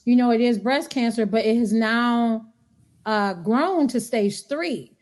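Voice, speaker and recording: A woman guest on a podcast, telling a personal story in casual, animated talk and acting out what people said. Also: fairly high pitch, slow pace. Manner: animated, acts out dialogue in quotes.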